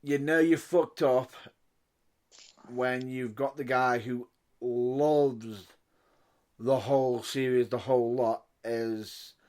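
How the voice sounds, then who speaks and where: A man's voice: mid-range voice, fairly even intonation, takes it slowly, darkish tone. A man co-hosting a podcast, bluntly joking and swearing in casual banter. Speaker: podcast co-host.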